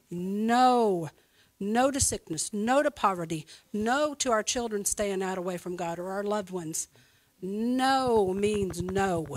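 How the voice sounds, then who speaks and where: A woman's voice: medium pitch, no room sound, poor audio. A woman in church sharing a prophetic word, repeating her point emphatically. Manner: emphatic, repetitive.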